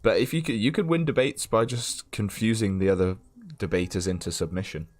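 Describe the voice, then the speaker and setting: Deep-voiced man chatting while streaming. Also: a little fast. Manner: chatty, laughs often, reads choices aloud. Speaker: streamer playing a game. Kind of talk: casual game stream chat.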